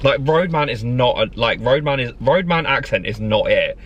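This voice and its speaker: A man rambles and laughs through a casual vlog update, mid-pitched and lively. He's sitting in a parked car, and the street outside comes through clearly on the recording. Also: normal speed, lo-fi sound, slight background noise. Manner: animated, rambling, laughs often. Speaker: vlogger.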